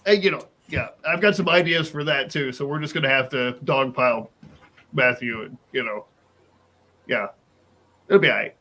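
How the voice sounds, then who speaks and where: A man's voice: medium pitch, moderate pace, long pauses, sharp tone. A man co-hosting a live stream over a video call, easygoing and full of fillers. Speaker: co-host. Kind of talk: casual live-stream chat.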